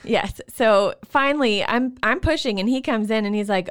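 A woman telling her birth stories on a podcast in a playful, expressive way. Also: on the high side, moderate pace, clear, resonant tone. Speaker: podcast guest, mother. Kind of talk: casual podcast chat.

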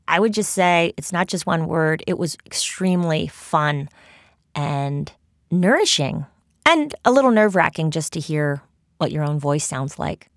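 A woman's voice: lowish voice, no echo, clean studio sound. A woman author talking casually about her book in a playful, rambling, self-deprecating way. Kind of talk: casual spoken reflection.

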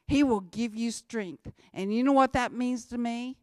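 A woman's voice: fairly high pitch, measured pace, hardly any pauses, darkish tone, clean tone, dry recording, studio quality. A woman, giving an emphatic church talk about mission work and repeating her key lines. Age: 60s. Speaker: missionary speaker.

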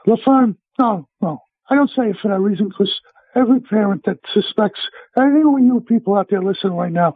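A middle-aged man, a chef telling blunt, animated stories in a phone interview. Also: sits high, fairly quick, breathy edge, dry recording. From United States. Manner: brash, blunt, animated storyteller. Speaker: celebrity chef, interview guest. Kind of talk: casual phone interview storytelling. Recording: tinny phone line.

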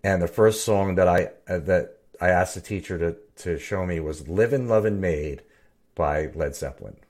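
Low-voiced rambling bass player. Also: male voice, normal speed, a little mellow. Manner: rambling, self-interrupting storyteller. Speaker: podcast co-host and bassist. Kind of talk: casual chat.

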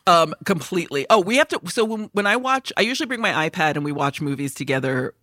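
Dry bright woman telling stories. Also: fairly low pitch, quick pace, dry recording. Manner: animated storyteller, swears freely, laughs often. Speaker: podcast co-host. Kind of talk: casual chat.

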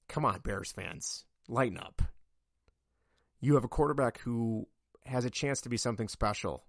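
A man hosting a solo sports podcast, ranting in an exasperated way, his voice climbing high when he gets worked up. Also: a bit bright, no echo, clean studio sound. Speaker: podcast host.

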